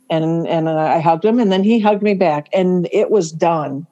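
Middle-aged woman, faith podcast co-host, warm low voice, storytelling, laughs a lot. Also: highs cut off. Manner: storytelling, laughs often, slows to stress words. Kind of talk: casual faith podcast chat.

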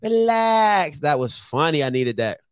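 A male radio host taking calls, jokey and animated. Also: sits high, moderate pace, dry recording. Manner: jokey, animated, laughs easily. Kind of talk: call-in radio talk.

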